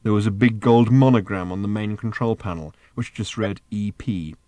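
A man narrating an audiobook in a wry, measured storytelling manner, recorded close on a studio mic. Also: on the low side, dark tone, dry recording.

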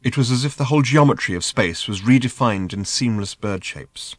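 A man narrating an audiobook in measured, lively storytelling. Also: medium pitch, no room sound, clean studio sound. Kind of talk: scripted narration.

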